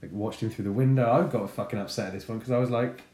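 A man in his thirties telling a funny story about his son in a casual, sweary, animated way. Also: lowish voice, fast. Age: 30s. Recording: echoey room.

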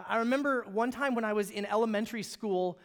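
A man's voice: high voice, fast talker. A man from Alaska, a pastor, preaching a sermon in a conversational storytelling way, often restarting his phrases. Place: church sanctuary. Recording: long reverb of a hall.

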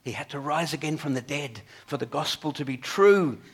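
A man preaching a sermon in an earnest way, swinging between emphatic peaks and quiet, low passages. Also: moderate pace, husky.

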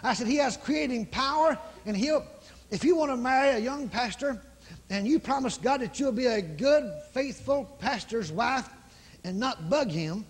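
An evangelist with a high, husky voice preaches a fired-up, animated revival sermon with healing prayer. He shouts praise fervently and rapidly calls people to come forward. It's recorded live in a big hall with long, echoing reverb.

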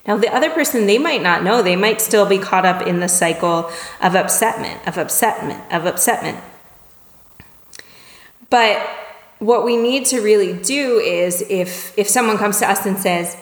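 A woman giving a conversational lesson on empathetic listening. She checks in with her listeners, often asking "right?" or "okay?", and sometimes acts out little dialogues in lively voices. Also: mid-range voice, moderate pace. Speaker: communication teacher. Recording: echoey room with long reverb.

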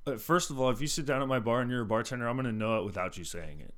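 A man's voice: mid-range voice, rapid-fire. A man who works as a bartender, telling stories in casual chat, laid-back and profane, with lots of "dude" and "like" fillers.

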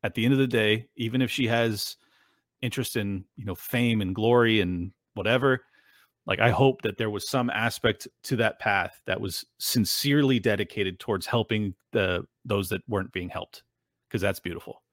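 This show host's voice sits on the low side with a fairly bright tone and a moderate pace. He rambles earnestly and emotionally to his viewers in a casual monologue packed with fillers, recorded dry and at studio quality.

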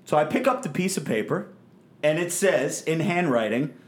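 Profane storytelling man, raised pitch. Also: moderate pace. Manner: profane, animated, acts out quotes. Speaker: podcast host telling a story. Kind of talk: casual storytelling.

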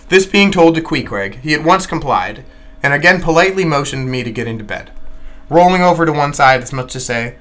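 Male reader of a classic novel, bright forceful tone, expressive live reading. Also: fairly high pitch, fairly quick. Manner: lively expressive reading, occasional slips.

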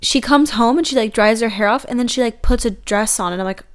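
A woman's voice: on the high side, fast, smooth. A young woman guesting on a podcast in casual chat, making wry remarks and laughing often.

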